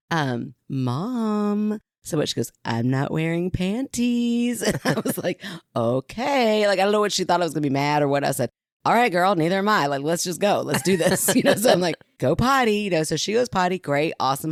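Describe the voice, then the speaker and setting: A woman in her thirties co-hosting a podcast, telling a story in a casual, animated way and laughing often. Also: on the low side, fairly quick, no echo, clean studio sound. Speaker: podcast co-host.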